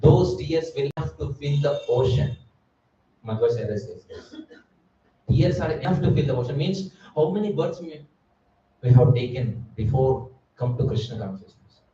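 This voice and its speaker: A man's voice: mid-range voice, expressive, normal speed, pauses often, warm tone, slight background noise. Guy giving a temple sermon, lots of rhetorical questions, dull far-off mic in a really echoey hall. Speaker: preacher. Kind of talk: Sunday sermon.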